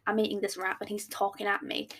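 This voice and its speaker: A young woman hosting a podcast, telling a date storytime in a blunt, animated way with swearing and acted-out dialogue. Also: medium pitch, fast. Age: young adult. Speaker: podcast host.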